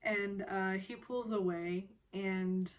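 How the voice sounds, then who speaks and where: A young woman vlogger recaps a TV drama episode in a chatty, casual way, laughing often and performing the characters' lines. Her mid-range voice holds a steady tone at a slow pace.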